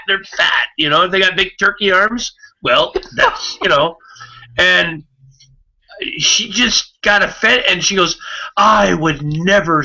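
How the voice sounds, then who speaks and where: A man's voice: sits high, pushed and bright. A man chatting casually on an online call, rambling and swearing, with many fillers and restarts. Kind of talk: casual chat. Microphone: online video call. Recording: muffled online call audio.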